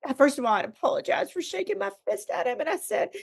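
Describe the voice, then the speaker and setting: A woman's voice: high voice, big pitch swings, quick pace, gravelly. A middle-aged woman, a guest author on a podcast, telling a candid personal faith story with earnest emphasis.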